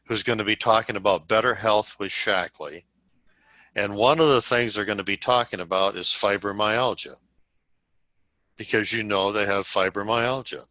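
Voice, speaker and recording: A man coaching a group on how to invite people, speaking slowly and deliberately and acting out sample calls. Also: lowish voice, pushed and bright, no room sound, poor audio. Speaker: sales trainer.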